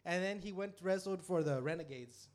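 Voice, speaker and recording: High-voiced, animated, profane male storyteller. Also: normal speed. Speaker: podcast co-host. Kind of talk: casual storytelling.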